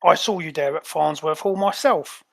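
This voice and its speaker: Man doing a gruff loud Cockney ape agent, blunt, grumbling, tabletop game voice. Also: fairly high pitch, normal speed.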